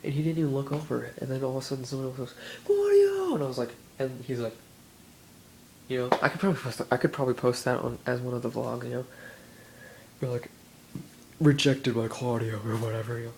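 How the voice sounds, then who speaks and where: An eighteen-year-old man vlogging casually, rambling excitedly and filling his talk with "like" and "you know.". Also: mid-range voice, fast, creaky, a little hiss or hum, low-quality recording.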